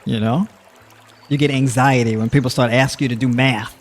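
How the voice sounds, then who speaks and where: A man of middle pitch hosts a loose, chatty livestream. He talks straight to his audience, slips in easy laughs and lots of filler words as he rambles on. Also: fairly even intonation, brisk, a little hiss or hum. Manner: addresses audience with y'all. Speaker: livestream host. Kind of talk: casual livestream talk to the chat.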